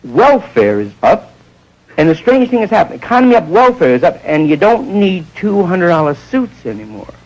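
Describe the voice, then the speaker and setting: A man doing stand-up storytelling, jumping into quick voices of the people in his stories. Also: sits high, sing-song, a little mellow, lo-fi sound. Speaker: stand-up comedian.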